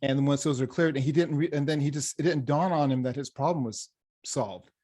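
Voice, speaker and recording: A man, a hypnotherapist, chatting in an interview and telling lively stories about his clients, acting out the dialogue and often restarting his sentences. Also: a little high, brisk. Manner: animated storyteller, acts out quoted dialogue, frequent restarts. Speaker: hypnotherapist, program graduate.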